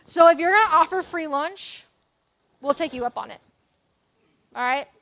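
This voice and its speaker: Young woman youth leader, high pitch, casual self-mocking sermon delivery. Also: moderate pace. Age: young adult. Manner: chatty, self-deprecating, animated with jokes and asides. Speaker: church youth and kids leader.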